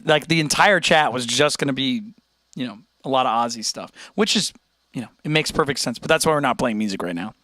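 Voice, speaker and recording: A man's voice: mid-range voice, bright, forceful tone, no room sound. A man hosting a casual livestream chat, rambling and laid-back, laughing often. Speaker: streamer host.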